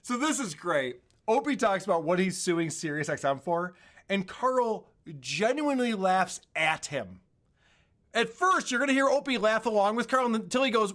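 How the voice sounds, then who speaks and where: A man's voice: high voice, expressive, normal speed, fairly bright tone. A man co-hosting a podcast, casually commenting on radio clips with profane, mocking humor. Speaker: podcast co-host.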